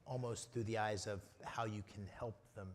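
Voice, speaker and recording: A man with a low voice explains ideas from a convention stage, the sound ringing out in a long hall reverb. He speaks in a measured way, often restarting his sentences. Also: fairly even intonation, a little hiss or hum. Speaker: panelist, author. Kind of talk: conference panel talk.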